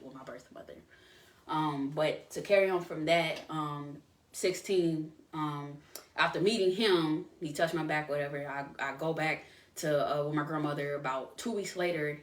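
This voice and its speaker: A woman podcast host telling a painful personal story, halting and emotional, with many restarts. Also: on the low side, fairly bright tone, echoey room.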